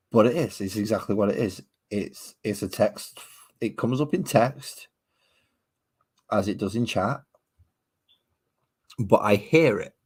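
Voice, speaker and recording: Man, deep husky voice, casual livestream chat, rambling to viewers, painting miniatures at a home desk.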